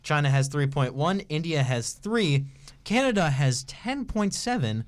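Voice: mid-range voice, sing-song, a little slow. A podcast host running a casual group chat segment, quizzing friends and joking.

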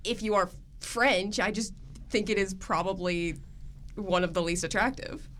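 Woman, mid pitch, blunt and dry, faint room noise. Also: moderate pace, fairly bright tone. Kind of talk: casual group chat.

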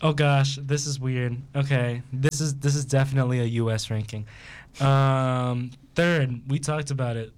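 A man's voice: mid-range voice, fairly even intonation, moderate pace. Laughing young man hosting a quiz. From Long Island. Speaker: host. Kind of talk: casual group chat, quiz on accents.

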